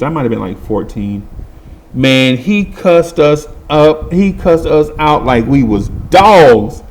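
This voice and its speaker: A middle-aged man telling a comic story in lively, colloquial speech, laughing and acting out the people in it. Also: mid-range voice. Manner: animated, laughing, acts out voices, colloquial. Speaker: podcast host.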